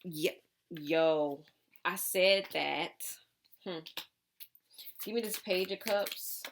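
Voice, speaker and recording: A woman's voice: lowish voice, very slow, slight background noise. A woman giving a casual channeled tarot reading, rambling with lots of fillers and calling the viewer honey. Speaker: tarot reader.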